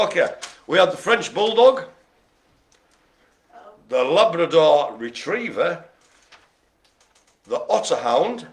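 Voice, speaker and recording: A man calling bingo with a bright, forward voice that swings up and down. He jokes, tells puns and laughs a lot, chatting away between the numbers. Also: on the high side. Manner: chatty, rambling asides. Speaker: bingo host. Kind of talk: live-streamed bingo calling.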